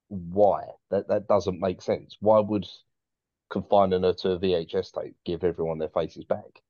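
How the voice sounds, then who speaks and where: A man's voice: fairly low pitch, warm tone, dry recording. A man co-hosting a podcast in casual chat, hesitant, restarting sentences as he thinks aloud. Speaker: podcast co-host. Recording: dull, dry lo-fi mic.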